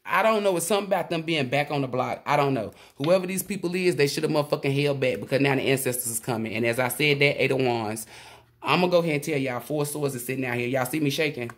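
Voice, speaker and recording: Excitable, cursing woman reading tarot. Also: very deep voice, fast talker. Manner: excitable, profane, rambling with restarts. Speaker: tarot reader. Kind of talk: casual tarot reading to camera.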